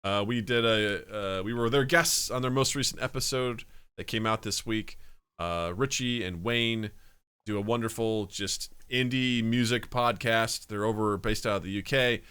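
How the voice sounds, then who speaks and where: Bright, clear-voiced male podcast host. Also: lowish voice, normal speed. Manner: upbeat, plugging shows and socials. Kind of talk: casual podcast chat.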